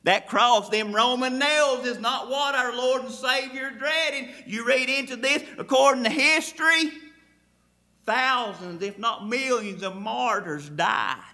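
A man preaching a sermon as pastor, fervent, swinging from loud cries to hushed drops. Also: very high voice, measured pace.

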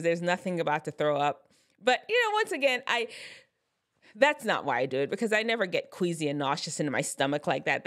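A woman with a somewhat low voice talks straight to her viewers in a relaxed vlog. Her delivery is chatty and loose, full of restarts as she works through the science terms. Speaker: advice vlogger. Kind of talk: casual explanatory talk.

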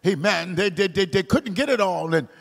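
A man preaching a sermon in a large church hall, in a sing-song cadence that climbs into shouts. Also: high voice, lively intonation, normal speed, gravelly, slightly rough. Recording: long hall reverb.

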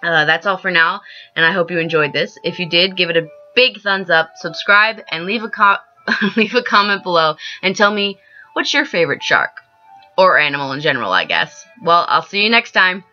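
A woman's voice: fairly low pitch, lively intonation, normal speed. A young woman vlogging an earnest, emotional rant she wrote as a script, stumbling and restarting now and then. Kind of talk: scripted personal vlog rant. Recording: dull lo-fi with soft piano music. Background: soft piano music.

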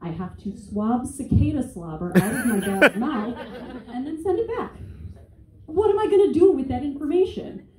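A woman's voice: sits high, lively intonation, moderate pace, a crowd in the background. A woman in her twenties doing a stand-up comedy set on stage, sarcastic, profane and conversational. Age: 20s. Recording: echoey room, distant mic, faint noise.

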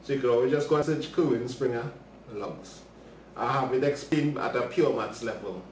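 A man's voice: medium pitch, normal speed, recorded from a distance, slight background noise. A man teaching a live maths lesson, chatting casually with viewers as he works through problems. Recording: roomy livestream audio from off-mic.

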